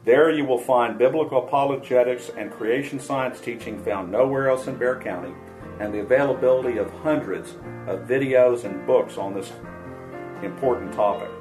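A man's voice: medium pitch, darkish tone, faint music behind, rough recording. Man hosting a scripted radio show. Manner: measured, reading aloud.

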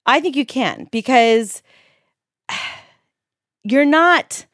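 Young woman from san francisco, guest on a chat show, jokey and expressive, dry close mic. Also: sits high, no echo. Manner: expressive, laughs easily, quick to joke. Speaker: guest, PR company founder. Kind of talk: casual chat.

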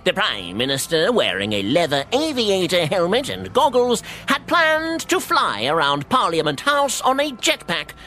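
A man's voice: sits high, wildly swooping pitch, normal speed, hardly any pauses, bright, forceful tone, slight background noise, voice pushed up, full character voice. A man playing an earnest male news reporter in a comic radio sketch, reading in a mock-serious tone.

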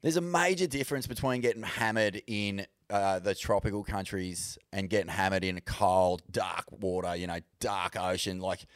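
A man's voice: sits low, fairly even intonation, moderate pace, hardly any pauses, no echo, clean studio sound. A young Australian man co-hosting a podcast in casual, sweary, laid-back chat. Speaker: podcast co-host.

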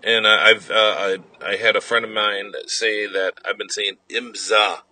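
A man's voice: lowish voice, level tone, unhurried, bright, forceful tone, low-quality recording. A man from Wisconsin with a Wisconsin accent, hosting a podcast interview and asking friendly, rambling questions. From Wisconsin, USA. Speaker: podcast host. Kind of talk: casual interview.

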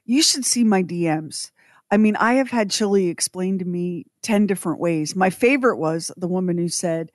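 A woman's voice: fairly low pitch, moderate pace, no echo, studio quality. Chatty woman radio co-host. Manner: chatty, dramatic, laughs often. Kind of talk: casual radio chat.

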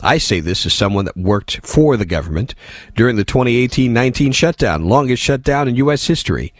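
A man's voice: mid-range voice, lively intonation, fairly quick, no echo, clean studio sound. A man hosting a talk radio show, reading listener texts aloud and answering them with sardonic, exasperated commentary.

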